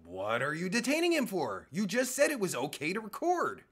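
A heated host ranting over a clip, swearing at every turn. The voice swings widely up and down in pitch and has a husky, slightly breathy edge. The delivery is fierce, scornful and unfiltered. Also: wildly swooping pitch, moderate pace. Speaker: reaction video host. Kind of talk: angry profane commentary.

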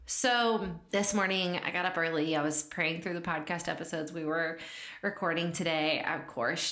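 A woman's voice: fairly low pitch, a bit bright, reverberant. A woman hosting a faith podcast, talking in an effusive, emotional way and laughing often. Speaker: podcast host. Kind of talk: casual faith podcast chat.

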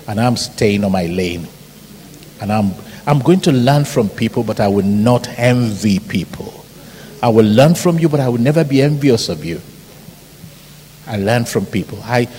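Middle-aged male Nigerian-accented preacher, animated storyteller, in a big echoing hall. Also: medium pitch. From Ibadan, Nigeria. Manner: animated, storytelling with mimicked shouts and laughter. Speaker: pastor. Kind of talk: sermon. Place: large church hall. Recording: hall reverb, faint background noise.

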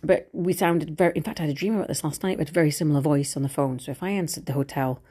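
A middle-aged woman vlogger speaks frankly and at length in a candid personal monologue, rambling and swearing casually. Her voice is deep, mellow and husky, and she races along.

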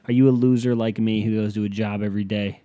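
A man's voice: on the low side, fairly even intonation, fast talker, warm tone, no echo. A young man from Ohio hosting a solo podcast, rambling, swearing and mocking himself, on a headset mic. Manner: profane, self-mocking, rambling. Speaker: podcast host.

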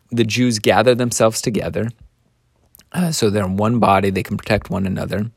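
A man telling a Bible story in a casual, animated way, with chuckling asides. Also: fairly low pitch, no room sound, studio quality.

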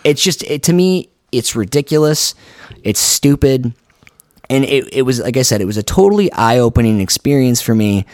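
A man's voice: medium pitch, animated, normal speed, darkish tone, no room sound, clean studio sound. A man co-hosting a podcast who rants in a heated, emphatic way and swears often. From United States. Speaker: podcast co-host. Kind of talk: casual podcast rant.

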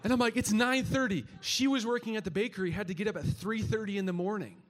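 A man's voice: sits high, quick pace. A young man, telling a story to an audience and acting out the quotes. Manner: animated, acts out quotes, laughs often. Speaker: speaker at a young adults gathering.

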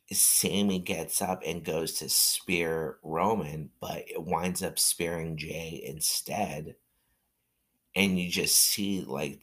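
Slow, deep-voiced man rambling. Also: fairly bright tone. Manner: rambling, halting, with many fillers and restarts. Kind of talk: casual recap of a wrestling match.

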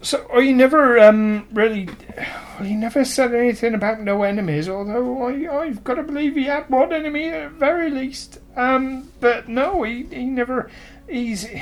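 A woman voicing a grieving tavern woman who rambles and hesitates in an affectionate way. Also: fairly high pitch. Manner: affectionate, calls people "my lovers".

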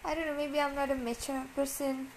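Hesitant, soft-spoken woman venting. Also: high voice, little pitch movement, slight background noise, poor audio. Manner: hesitant, halting and repetitive, searching for words. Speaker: vlogger. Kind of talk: personal confessional monologue.

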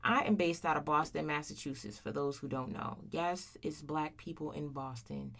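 A woman's voice: low-pitched, normal speed, vocal fry, fairly bright tone. A woman in her thirties hosting her own podcast in a casual solo monologue, blunt and profane, full of slang, often tagging lines with "right?". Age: 30s. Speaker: podcast host.

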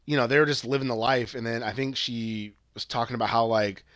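A man's voice: mid-range voice, fairly even intonation, fairly quick, fairly bright tone, no echo. A young man casually retelling a movie plot, acting out the characters' lines and swearing freely. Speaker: podcast co-host. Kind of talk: casual movie review chat.

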